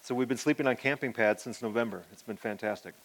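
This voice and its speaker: Speaking fast in a mid-range voice, a middle-aged man who is a pastor shares a heartfelt personal testimony. His account wanders, with frequent restarts, and often fades into a quiet murmur.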